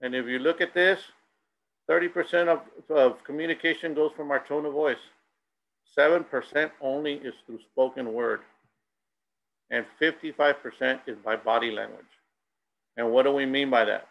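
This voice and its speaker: Gravelly bilingual presenter. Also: male voice, mid-range voice, normal speed, lo-fi sound. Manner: switches between Spanish and English, tells anecdotes. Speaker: school presenter.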